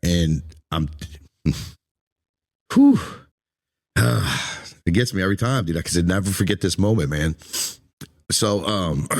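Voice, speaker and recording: A man hosting an interview, speaking emotionally and haltingly about his past, often repeating words. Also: low voice, animated. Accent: Eastern Shore American. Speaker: podcast host.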